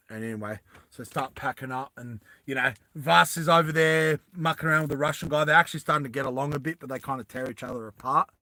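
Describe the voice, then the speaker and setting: A man telling a story in a rambling, animated way, full of fillers and asides. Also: mid-range voice, fast talker, hardly any pauses. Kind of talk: improvised casual storytelling.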